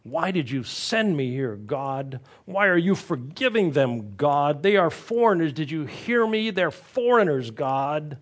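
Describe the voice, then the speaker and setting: A petty grown man of a prophet whines and protests, as a preacher acts him out in a sermon. He complains in a middle-pitched voice. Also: expressive, takes it slowly, few pauses, slightly rough. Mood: indignant.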